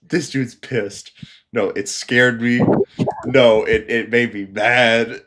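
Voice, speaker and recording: A man's voice: mid-range voice, fairly even intonation, slow, very noisy. Rambling, swearing young-sounding man. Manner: rambling, heavy on fillers and swearing, laughs often. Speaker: podcast co-host. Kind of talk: casual chat.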